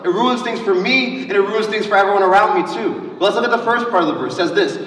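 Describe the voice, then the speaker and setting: A man's voice: sits high, quick pace. A man leading a church lesson for kids, telling stories energetically and acting out the quotes. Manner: energetic, storytelling with acted-out quotes. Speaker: youth pastor. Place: large church hall. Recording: roomy hall heard from a distance.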